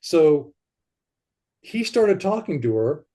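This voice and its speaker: A man talking as a podcast guest in casual conversation, rambling and animated, and sometimes acting out the voices he quotes. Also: a little high, slow.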